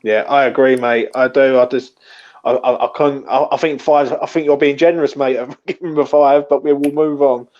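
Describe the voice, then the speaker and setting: A man's voice: medium pitch, fairly even intonation, brisk. An easygoing man hosting a casual football podcast. He is agreeable and keeps the chat moving from one player to the next. His audio sounds dull and lo-fi. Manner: easygoing, agreeable, steers the talk. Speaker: host.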